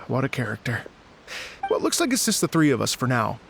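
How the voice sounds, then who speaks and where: Game role: a courteous festival organizer, lively intonation, faint hiss behind. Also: male voice, mid-range voice, creaky. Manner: polite, mild, measured. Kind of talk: game voice acting.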